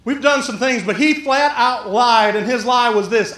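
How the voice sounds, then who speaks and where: A man preaching a sermon, his voice pitched very high for a man. He talks lively and jokey, slipping into the voices of the people in his story. The sound rings in a roomy church hall. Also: moderate pace. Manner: lively, jokey, acts out the quotes. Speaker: pastor.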